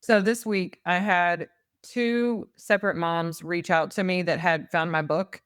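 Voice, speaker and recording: A woman's voice: on the low side, steady tone, a little slow, clean tone, no echo, studio quality. A woman in her forties from Texas, a guest on a faith-based interview podcast, telling her story earnestly and with emotion.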